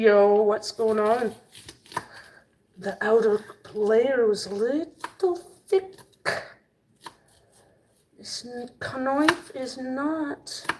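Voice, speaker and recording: A woman with a slightly high voice chats with her viewers and jokes while she cooks in her kitchen for her vlog. The background is noisy.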